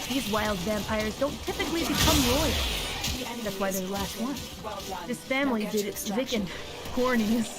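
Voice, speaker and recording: A woman streamer casually recapping a tabletop campaign in a playful, giggly, rambling way. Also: fairly high pitch. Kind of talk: casual recap with acted quotes. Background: music.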